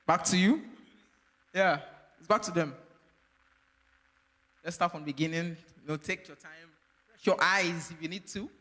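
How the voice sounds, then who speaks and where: A man's voice: a little high, moderate pace, long pauses, fairly bright tone. A man hosting a playful live quiz at a workshop, teasing the teams and laughing often. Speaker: quiz game host at a workshop. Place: event hall. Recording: long hall reverb.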